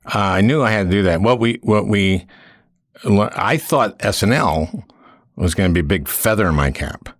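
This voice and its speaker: Low-voiced guy hosting a chat, wry, kinda halting, dry close sound. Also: expressive, no echo. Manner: halting, wry, restarts often. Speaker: podcast host. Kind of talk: casual interview chat.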